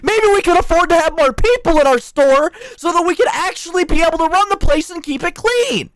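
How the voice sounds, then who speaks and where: A man's voice: very high voice, lively intonation, fairly quick, fairly bright tone, dry recording. A young man worker ranting heatedly about management, swearing often and turning sarcastic. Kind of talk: angry ranting monologue.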